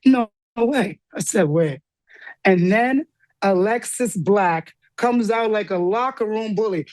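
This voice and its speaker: A woman guest telling a personal story with lively energy, acting out the voices of the people in it. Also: unhurried, no room sound. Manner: lively, acts out quoted dialogue with big pitch jumps. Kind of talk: animated storytelling in an interview.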